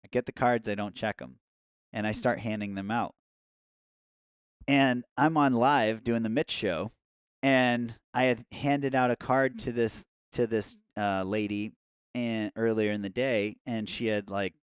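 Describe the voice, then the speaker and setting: A man's voice: lowish voice, steady tone, unhurried, clean tone, no echo, clean studio sound. A man, a podcast guest, telling a casual story in a rambling, profane way, full of "like" and "you know". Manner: profane, rambling, heavy with fillers.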